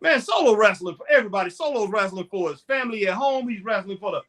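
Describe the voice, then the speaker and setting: A man's voice: sits high, lively intonation, quick pace, a bit bright. A man co-hosting a casual chat about a live wrestling show. He laughs often and keeps saying "boy" and "man". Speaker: co-host.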